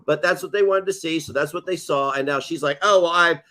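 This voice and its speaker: A man hosting a live stream, ranting casually and swearing, with an animated delivery. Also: on the high side, fast talker. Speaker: stream host.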